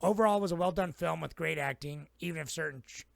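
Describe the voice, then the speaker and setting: Gravelly laid-back podcast co-host, man. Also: a little high, fast talker, no room sound. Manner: laid-back, laughs often, trails off. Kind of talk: casual film discussion.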